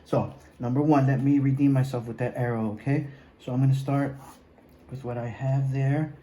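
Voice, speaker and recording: Art teacher, male, encouraging, keeps saying "okay, guys", very dark tone, echoey room. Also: mid-range voice, fairly even intonation, normal speed. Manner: talks while drawing, often drops to a mumble. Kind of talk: recorded drawing lesson.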